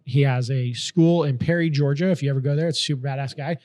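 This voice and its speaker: A man in his thirties telling a profane, animated story in casual podcast chat, acting out the people in it. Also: medium pitch, fast. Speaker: guest.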